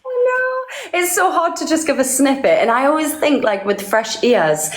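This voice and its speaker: Woman, 30s, giggly, chatty singer on a livestream, lively pitch. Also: normal speed. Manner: bubbly, giggly, gushing. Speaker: interviewed singer. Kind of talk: casual live-stream chat. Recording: echoey room.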